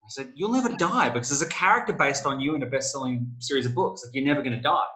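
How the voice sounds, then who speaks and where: A middle-aged man, an author talking as a guest in a casual interview, telling stories and acting out quotes with sudden jumps in pitch. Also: fast talker, low-quality recording. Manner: animated storyteller, acts out quoted lines with big pitch jumps.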